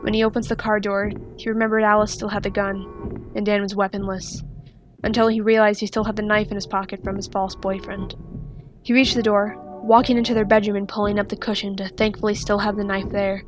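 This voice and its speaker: A woman reading a fan fiction story aloud with steady, expressive narration. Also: medium pitch, brisk, music in the background.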